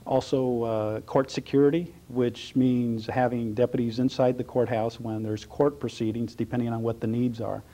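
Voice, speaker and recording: A middle-aged man with a slight Texas accent, a county sheriff giving halting, measured interview answers full of "uh" pauses. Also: medium pitch, little pitch movement, warm tone. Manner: halting, many uh fillers, measured.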